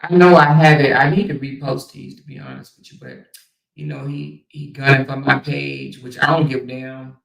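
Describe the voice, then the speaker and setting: A woman's voice: a bass voice, fairly even intonation, moderate pace, creaky, recorded from a distance. A woman hosting a casual commentary livestream, talking bluntly and profanely and firing rhetorical questions at her viewers. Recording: echoey room, voice somewhat off mic.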